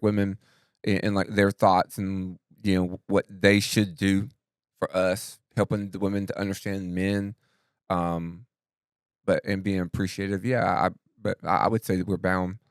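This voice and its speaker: A man co-hosting a podcast, speaking in a relaxed, slangy, emphatic way. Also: deep voice, no room sound, studio quality. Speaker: podcast co-host. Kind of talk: casual conversational podcast.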